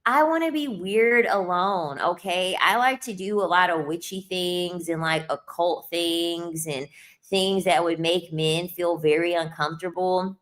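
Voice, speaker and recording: A woman's voice: lowish voice, a little slow. A young adult woman talking straight to camera in a casual monologue, blunt and emphatic, repeating lines for effect with sassy asides. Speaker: video creator.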